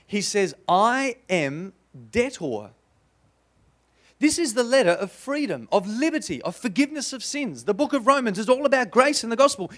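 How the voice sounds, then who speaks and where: An Australian man delivers a sermon in church, his voice sitting high for a man. He preaches in an animated, playful way and keeps drawing the congregation in with questions. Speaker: pastor.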